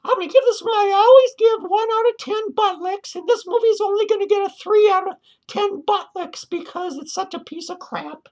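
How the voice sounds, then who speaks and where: A man's voice: extremely high pitch, moderate pace, hardly any pauses, a little mellow. A man voicing a lonely woman clown who reviews movies and rants with profanity, laughing between lines. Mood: annoyed ranting. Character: foul-mouthed lonely woman clown, ranting film critic. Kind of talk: comic character movie review rant.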